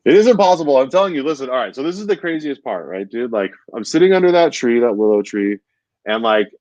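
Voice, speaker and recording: A man's voice: mid-range voice, expressive, fast talker, darkish tone, no room sound. A man, a stand-up comedian, telling a rambling story in casual chat, with plenty of "like" and "dude". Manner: rambling, says "dude" constantly, many fillers. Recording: dull lo-fi dry sound.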